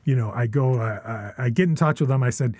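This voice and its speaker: A man's voice: medium pitch, brisk, darkish tone, no room sound. A middle-aged man telling stories as a podcast guest. He rambles and restarts a lot, tags his sentences with questions, and swears often. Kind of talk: casual storytelling.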